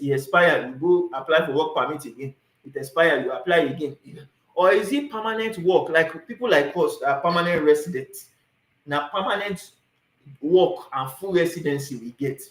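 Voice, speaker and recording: A Nigerian man hosts a livestream, answering viewers' questions in a lively way and mixing pidgin into his English. His voice sits a little high. The sound is roomy and echoey. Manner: lively, repeats "you understand?", mixes in pidgin. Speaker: immigration consultant, livestream host.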